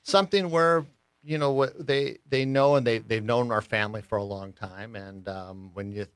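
Easygoing middle-aged man, halting speech. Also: lowish voice, fairly bright tone, clean tone, no echo. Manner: easygoing, halting, many fillers and restarts. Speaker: studio guest, knitwear business owner. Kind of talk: radio interview conversation. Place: radio studio. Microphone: studio microphone.

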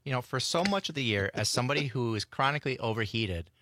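A man's voice: medium pitch, lively intonation, fast talker, a bit bright, slight background noise. A man working as a radio show's producer, trading wry remarks with the host in the studio. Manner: dry, wry quips. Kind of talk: casual on-air banter.

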